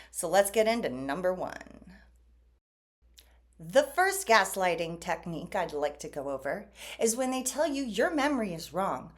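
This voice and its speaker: A woman vlogger talking casually to camera, animated, acting out quoted exchanges as she goes. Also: mid-range voice.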